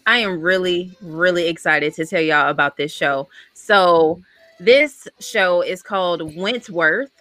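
A woman's voice: fairly low pitch, a little slow, a bit bright, no room sound, faint music behind. A woman co-hosting a casual talk show, chatty and enthusiastic as she recommends a series. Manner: enthusiastic, chatty, many fillers. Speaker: co-host. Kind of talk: casual show review chat.

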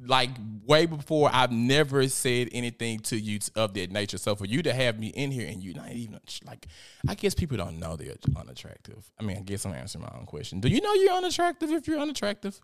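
This young host talks briskly in a lowish voice during a casual live stream, swearing freely and staying animated as he reads viewer comments.

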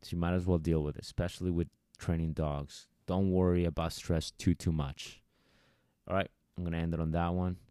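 Deep, mellow-voiced man coaching casually. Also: little pitch movement, a little fast, smooth, no echo, studio quality. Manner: chatty, coaching, acts out quoted voices. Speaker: dog trainer. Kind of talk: casual podcast monologue.

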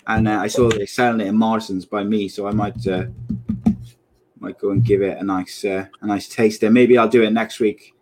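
A man's voice: fairly low pitch, slight background noise. A man in his late thirties co-hosting a podcast in casual chat, joking around and laughing often. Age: 30s. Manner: laughs often, jokey banter. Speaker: podcast co-host.

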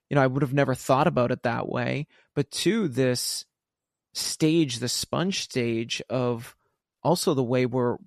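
A male podcast host speaks into a close mic in a dry, dead room. He talks with enthusiasm and wanders through long, rambling stories at a mid-range pitch. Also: no echo. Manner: enthusiastic, rambling, with many fillers and restarts. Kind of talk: conversational interview.

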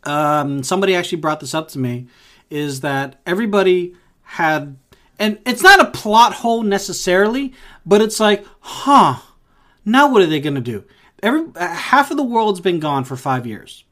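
A man co-hosting a podcast in casual chat, steady and steering the talk back on track. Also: high-pitched, moderate pace. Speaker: podcast co-host.

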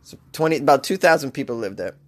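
A man hosting a comedy news show, reading odd headlines and riffing on them with sarcastic, animated rants and mock voices. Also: mid-range voice, quick pace. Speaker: podcast host.

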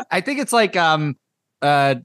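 Man, podcast host, casual music chat, excitable, rambling, dry sound. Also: a little high, slow, no room sound. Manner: rambling, many "like" fillers, excitable.

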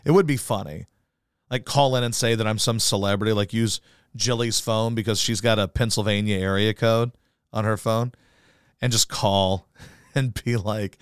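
A man's voice: on the low side, fairly even intonation, moderate pace, smooth, no room sound, studio quality. A man hosting a solo podcast, ranting in a profane, sarcastic, mocking way. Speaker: podcast host.

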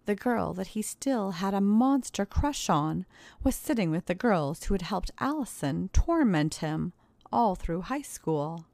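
A woman narrating an erotic story in a smooth, measured storytelling manner into a close microphone. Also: mid-range voice, darkish tone, no echo.

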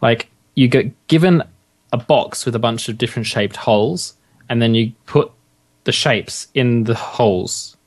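A man's voice: mid-range voice, unhurried. A man co-hosting a podcast in casual chat, sarcastic and giggly, with the odd swear word. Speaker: podcast co-host.

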